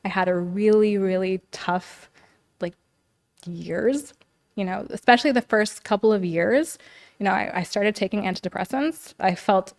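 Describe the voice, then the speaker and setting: A woman speaking as a podcast guest, recounting her own experiences in an earnest, conversational way. Her voice sits at a middle pitch, and her talk is full of fillers like "like" and "you know.". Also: normal speed. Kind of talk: personal storytelling in interview. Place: living in Los Angeles.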